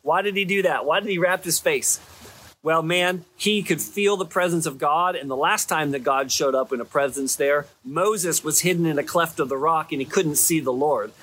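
A man's voice: a little high, moderate pace, fairly bright tone, slightly rough. A man preaching a sermon in a conversational, rambling way, often checking in with his listeners.

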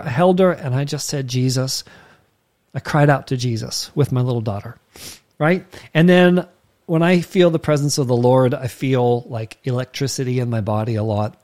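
A man preaching, telling a personal story with lively quoted dialogue and emphatic turns. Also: medium pitch. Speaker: pastor. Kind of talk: sermon storytelling.

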